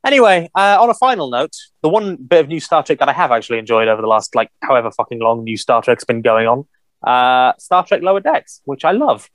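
A man co-hosting a casual podcast chat, animated and swearing freely with lots of "you know". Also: mid-range voice, brisk, no echo. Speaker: podcast co-host.

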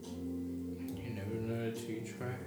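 A man's voice: lowish voice, takes it slowly. A British man hosting a casual chat, telling stories with energy and asking questions. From Britain. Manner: lively, storytelling, asks questions. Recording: echoey room with music behind.

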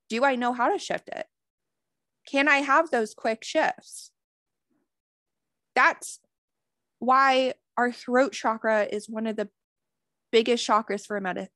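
A woman with a fairly high voice gives an earnest motivational self-help talk, dropping swear words and repeating affirmations. The sound is dry and close, with no room echo. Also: fairly bright tone. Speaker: spiritual wellness host.

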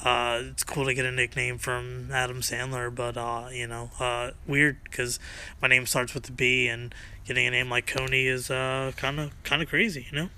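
A man hosting a podcast, chatting casually and haltingly with many ums and uhs. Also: medium pitch, little pitch movement, sharp tone, a little hiss or hum, poor audio. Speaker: podcast host. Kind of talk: casual chat.

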